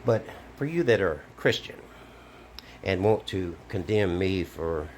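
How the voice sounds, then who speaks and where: A man's voice: low voice, expressive, slow pace, a little mellow, a little hiss or hum. An older man from Alabama, talking bluntly in a rambling monologue full of fillers. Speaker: video commentator. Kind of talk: casual monologue to camera.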